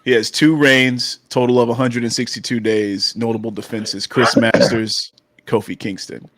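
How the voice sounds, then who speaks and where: A man's voice: mid-range voice, level tone, moderate pace, fairly bright tone, dry recording. A man hosts a casual panel chat, reading stats off a list and restarting his sentences often. His voice sits mid-range and is recorded dry and close. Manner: reads out stats, many restarts and fillers. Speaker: host running the tier list.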